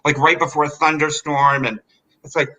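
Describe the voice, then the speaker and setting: A man telling a personal story in an animated, chatty way, full of fillers. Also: fairly high pitch, moderate pace, rough recording. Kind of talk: live storytelling.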